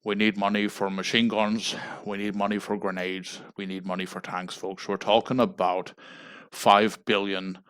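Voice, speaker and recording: An Irish man making a deadpan mock fundraising appeal on a livestream, pleading and tagging "folks" onto nearly every phrase. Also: fairly low pitch, normal speed, clear, resonant tone. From Ireland. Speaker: comedic livestreamer.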